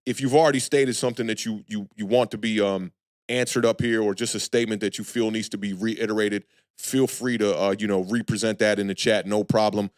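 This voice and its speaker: A man hosting a live sports talk stream, talking loosely and frankly to chat viewers and shouting them out. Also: on the low side, fairly even intonation, fairly quick, no room sound, studio quality. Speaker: sports channel host.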